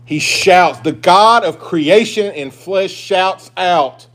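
This male pastor has a high-pitched voice and speaks slowly as he preaches to his congregation. The sermon is emphatic, swinging between loud, driving statements and hushed asides delivered in confidence.

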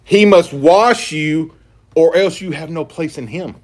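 A man delivers a sermon from the pulpit. His voice sits a little on the high side. He preaches emphatically and reads scripture aloud as he goes. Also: measured pace, darkish tone. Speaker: pastor.

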